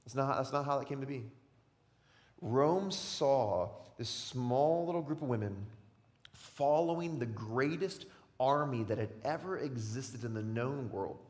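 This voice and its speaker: A man preaching a sermon as pastor, animated, swinging between loud emphatic lines and quiet slow ones. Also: medium pitch, long reverb tail.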